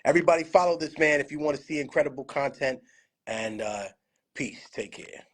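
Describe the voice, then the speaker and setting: A man's voice: on the high side, brisk, slightly rough. A man hosting a casual livestream from his home studio, talking over a phone with a loose, profane storytelling manner, slurring at times from a bad connection. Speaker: livestream host.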